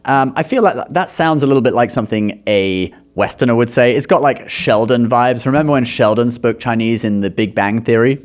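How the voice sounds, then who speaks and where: A man teaching Chinese in reaction commentary. He explains patiently, slows down to model words and often checks in with "okay?". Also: mid-range voice. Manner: explanatory, repeats words slowly to demonstrate; frequent laughs and checking "okay?".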